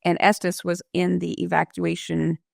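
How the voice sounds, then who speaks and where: A woman emergency management director talks through her approach in a calm, explanatory manner. Her voice is strongly gravelly, full of vocal fry. The recording is dry and close, with no room echo. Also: on the low side. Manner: measured, explanatory, gives worked examples. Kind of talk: interview guest answer.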